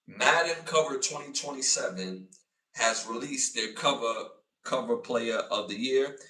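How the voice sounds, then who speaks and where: A mid-range male voice, recorded from a distance, belongs to a podcast host doing casual live-stream commentary. He chats with viewers in an animated way, repeating points for emphasis and dramatizing arguments in a raised voice.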